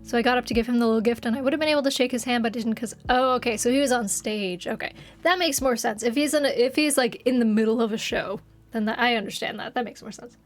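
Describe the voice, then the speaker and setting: A woman streamer talks casually into her desk microphone, reacting to chat with a bright, high-pitched voice. She giggles often and gets excited easily. Faint music plays quietly behind her. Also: fast talker.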